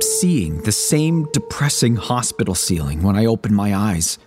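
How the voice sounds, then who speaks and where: A man's voice: fairly low pitch, sing-song, measured pace. A man reading a horror story aloud as a pleading first-person letter, in scripted narration. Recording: voice over a music bed. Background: music.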